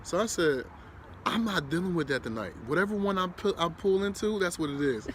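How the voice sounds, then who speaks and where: A young man vlogging with his wife, casually retelling a rough camping night in a relaxed, slangy way. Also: high voice, fairly quick, slight background noise. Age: young adult. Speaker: vlogger, husband. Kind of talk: casual storytelling chat.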